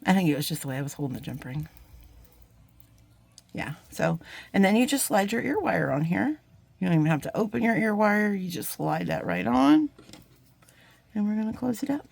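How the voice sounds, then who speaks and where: A woman's voice: medium pitch, big pitch swings, moderate pace, gravelly, long pauses, a little mellow, slightly rough, no echo. Chatty lady doing a beading tutorial, rambles and loses her train of thought, dry close sound. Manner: chatty, rambling, easily sidetracked, friendly. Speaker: jewelry-making YouTuber. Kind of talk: casual crafting tutorial chat.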